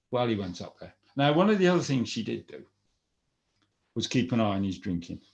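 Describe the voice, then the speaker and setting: A man's voice: lowish voice, lively intonation, moderate pace, vocal fry. A man telling a folktale aloud in a chatty, rambling way, with asides to his listeners. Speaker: storyteller.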